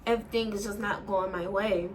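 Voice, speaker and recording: A young woman telling an emotional story in a halting way, full of fillers and swearing, and fighting back tears. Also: mid-range voice, fairly even intonation, slight background noise. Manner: halting, with many fillers and profanity. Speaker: vlogger.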